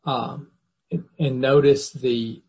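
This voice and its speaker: A man reading scripture aloud and then lecturing to a class in a measured, thoughtful way, often restarting his sentences. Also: mid-range voice, fairly even intonation, darkish tone, slightly rough, low-quality recording. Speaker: teacher of a Bible class.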